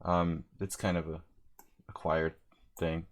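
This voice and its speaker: A man living in Hungary streams a chess simul and chats casually between moves, reading out viewer names along the way. He speaks slowly in a low, level voice.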